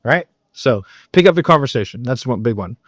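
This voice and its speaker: A man's voice: medium pitch, expressive, brisk, fairly bright tone, no echo. A man with a mid-range voice coaches on sales in a loose, emphatic way, peppering his talk with fillers, the odd curse and constant "right?" checks. The recording is dry and a little dull, with no room sound. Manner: emphatic, loose, swears, many fillers and tag questions. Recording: dull, slightly muffled recording.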